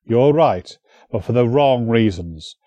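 Principled bard, voiced by a man, measured and firm, dark mellow tone, dry. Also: mid-range voice, expressive, dry recording, lo-fi sound. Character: calm principled male bard.

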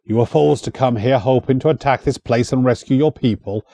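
A man's voice: medium pitch, a little fast, vocal fry, warm tone, no room sound, natural voice. A man voicing a one-eyed, commanding warlord chieftain in a storybook reading, his voice raised and angry. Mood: proud, persuasive. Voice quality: furious, commanding.

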